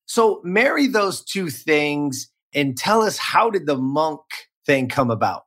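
A man's voice: on the high side, big pitch swings, slow, fairly bright tone. Upbeat man hosting a podcast. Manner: enthusiastic, hype-building, repeats words. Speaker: podcast host. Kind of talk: energetic podcast interview.

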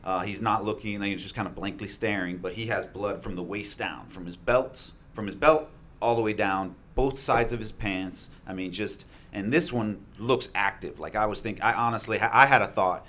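A man with a low voice tells a story from a call he worked, in plain conversational speech. He slips into the voices of the people he met, loud and sharp. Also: moderate pace. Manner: vivid retelling, acts out quotes loudly. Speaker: first responder telling his story.

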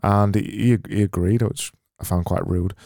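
A man's voice: on the low side, steady tone, moderate pace, mellow, dry recording. A British man hosting a podcast, rambling through a comic monologue with stumbles and dry, self-mocking humor. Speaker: podcast host. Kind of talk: casual comedic monologue.

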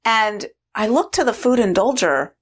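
A woman in her forties, a vlogger and weight-loss coach, tells a personal story on her vlog, animatedly acting out the dialogue and voices as she goes. Her voice is on the high side with a breathy edge, at a moderate pace.

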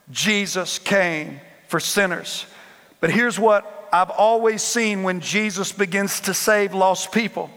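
A man's voice: sits high, fairly bright tone. A man preaching a sermon from the pulpit of a church, emphatic and repetitive, with call-and-response lines. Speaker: pastor. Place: church sanctuary. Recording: long hall reverb.

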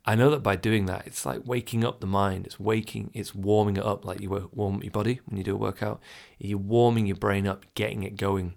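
His voice is on the low side, gravelly and darkish, with a steady tone and a fairly quick pace. A self-help speaker, he reflects casually on overthinking in an advice talk to the listener, occasionally chuckling and acting out his thoughts.

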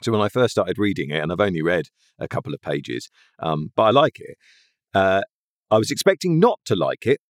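A man co-hosting a casual chat, lively and teasing, thinking aloud as he goes. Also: low-pitched, fairly quick, no room sound, studio quality.

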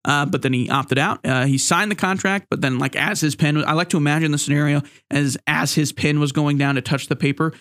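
A man's voice: on the high side, steady tone, a little fast, few pauses, fairly bright tone, no echo, studio quality. A man hosting a solo sports podcast, rambling and joking, with many fillers and restarts. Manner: joking, playful asides.

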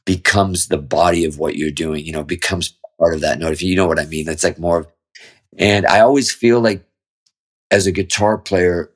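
A middle-aged guitarist with a very low, deep, husky voice talks as a guest in an easygoing interview. At a normal speed, he speaks candidly and at length, swearing freely while working through his ideas in casual chat.

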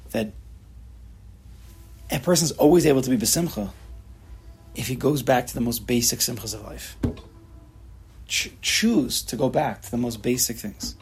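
A man in his forties from the New York area, giving a casual Torah lesson with rapid rhetorical questions and frequent restarts. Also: medium pitch, darkish tone. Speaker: Torah class teacher.

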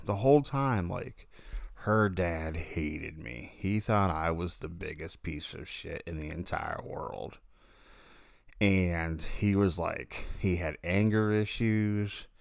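A man's voice: deep voice, vocal fry, no echo, studio quality. A man casually telling a long, rambling story about his dreams, often correcting himself mid-sentence.

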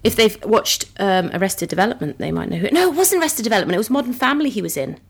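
A woman's voice: mid-range voice, sing-song, rapid-fire, gravelly, husky. A woman co-hosting a podcast, chatting casually and teasing her co-host. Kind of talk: casual chat.

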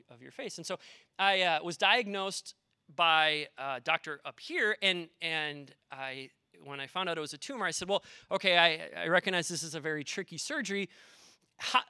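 A man's voice: a little high, bright, forceful tone, smooth, no echo, clean studio sound. A man, a pastor, preaching a conversational sermon in an earnest way, with personal stories and rhetorical questions.

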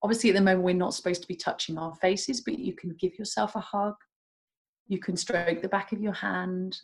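A woman, a doctor and coach, explaining calmly and gently as a guest in a podcast interview. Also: mid-range voice, brisk, low-quality recording.

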